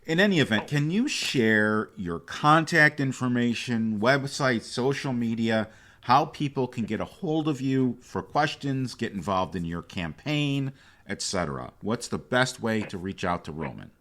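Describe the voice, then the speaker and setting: A man's voice: mid-range voice, animated, unhurried, fairly bright tone. A male podcast host and firearms instructor who reflects on the guest's points, then asks for his contact details. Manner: brief affirmations, then reflective. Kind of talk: casual interview.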